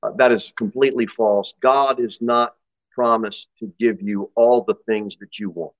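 A man's voice: on the low side, steady tone, normal speed, no echo, highs cut off. A man preaching an expository sermon in a church, emphatic and acting out story voices. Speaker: pastor.

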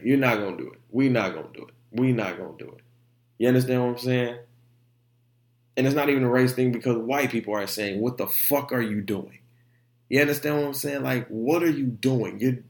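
Heated, profane young man in echoey room. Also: mid-range voice. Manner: heated, profane, repeats himself. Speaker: podcast host. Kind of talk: solo casual podcast rant. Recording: roomy echo.

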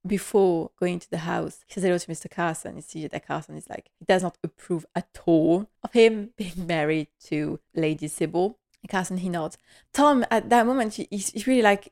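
Gushing and chatty, a young TV recap vlogger walks through an episode, performing quotes and laughing a lot along the way. Her voice is mid-range with a darkish tone.

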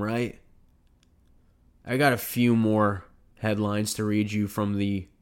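A man hosting a podcast, ranting in a sarcastic, heated and repetitive way. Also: mid-range voice. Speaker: podcast host. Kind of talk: ranting commentary.

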